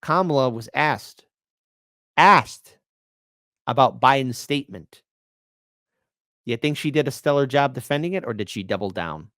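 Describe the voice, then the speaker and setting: A man's voice: mid-range voice, animated, a little slow, pauses often, no room sound, clean studio sound. A man hosting casual political commentary, sarcastic and mocking, reading articles aloud. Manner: sarcastic, mocking, swings between loud outbursts and mutters.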